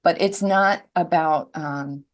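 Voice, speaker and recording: A woman with a fairly low voice co-hosts a podcast conversation. She speaks earnestly and reflectively in measured phrases. The sound is a close podcast microphone. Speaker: co-host, language teacher.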